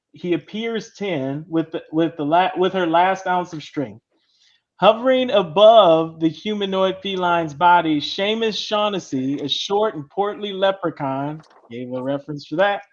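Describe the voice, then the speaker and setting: On a casual panel about writing comics, the show host, himself a comic writer, explains chattily step by step and keeps tacking on "right?". His voice sits high, and the recording sounds muffled.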